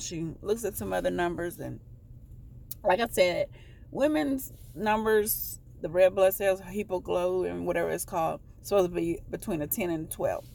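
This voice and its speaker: Low, gravelly-voiced woman telling a story. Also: a little mellow. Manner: rambling, halting, stops to correct herself. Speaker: vlogger. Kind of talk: casual storytelling to camera.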